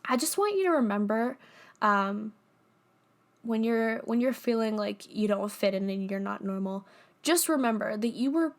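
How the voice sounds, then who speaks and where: A woman's voice: fairly high pitch, expressive, moderate pace. Young woman, podcast host, casual monologue, candid, swears, laughs a lot. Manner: candid, laughs often, swears freely, many fillers.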